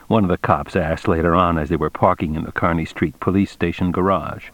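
A man narrating an audiobook in a measured, expressive reading style. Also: deep voice, dry recording, muffled recording. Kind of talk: scripted narration.

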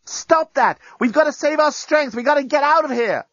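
A man reading a story aloud, voicing a woman who shouts urgently from a prison cell. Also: extremely high pitch, normal speed, no echo, muffled recording, voice pushed up.

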